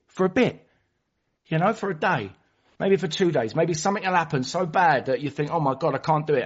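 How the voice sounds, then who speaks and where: A man's voice: on the high side, breathy edge, muffled recording. A man telling his own addiction and recovery story at a twelve-step meeting, candid and self-mocking, with frequent restarts. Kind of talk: personal recovery share. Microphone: online meeting call.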